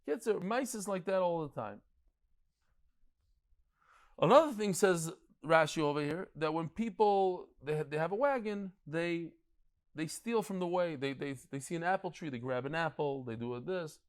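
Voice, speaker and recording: Male rabbi lecturing a live class, slightly higher voice, chatty, anecdotal, stumbles and restarts. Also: normal speed. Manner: animated, digressive, tells anecdotes and stories; frequent restarts and stammered repeats. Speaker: rabbi teaching a daily Talmud class.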